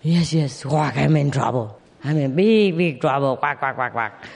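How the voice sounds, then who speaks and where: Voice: medium pitch, expressive, moderate pace, gravelly, slight background noise. A storyteller voicing a frightened runaway goose who sighs, pleads and quacks. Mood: pleading. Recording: long hall reverb.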